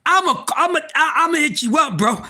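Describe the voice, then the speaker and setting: A man hosting a casual livestream, excitable and profane, talking straight to his viewers and often repeating and restarting. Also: very high voice, brisk. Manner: excitable, profane, talks to chat. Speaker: livestream host.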